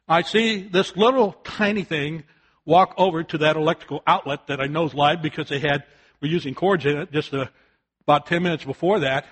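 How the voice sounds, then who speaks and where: An older man preaching a sermon, telling a folksy family story and swinging from loud shouted warnings to soft, quiet appeals. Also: fairly high pitch.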